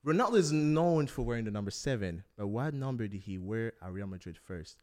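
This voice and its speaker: A young man hosting a casual football podcast, animated and laughing often as he quizzes his friends. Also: on the low side, brisk. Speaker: podcast host.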